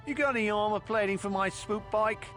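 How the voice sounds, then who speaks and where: A swaggering biker with a sneer in every line. His voice sits fairly high and sounds dismissive and mocking. Faint game music plays underneath. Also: fairly quick, fairly bright tone. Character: rude swaggering male swoop biker.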